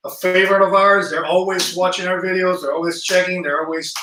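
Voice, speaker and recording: A man's voice: high voice, level tone, fairly quick, bright, forceful tone, reverberant, far from the mic, a little hiss or hum, low-quality recording. A man with a South Jersey accent hosting a casual travel livestream, chatty and friendly, greeting viewers and reading their comments. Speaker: travel channel host. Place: indoor room at home.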